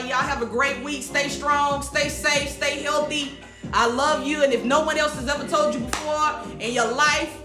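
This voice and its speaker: A woman hosting a weekly livestream, giving an encouraging message in a casual, emphatic way, repeating her phrases and chatting back to viewers' comments. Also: sits high. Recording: echoey room.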